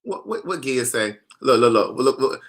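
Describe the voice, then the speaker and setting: A man's voice: medium pitch, lively intonation, moderate pace, a bit bright. A man hosting a casual, sassy gossip chat and reading out viewer comments as he talks. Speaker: author hosting a live chat.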